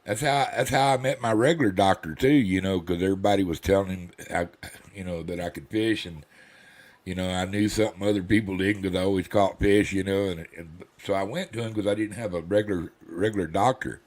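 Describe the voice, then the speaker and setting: In casual conversation, an older host with a low voice talks a little fast, spinning meandering folksy stories in a cantankerous drawl and imitating the people he quotes.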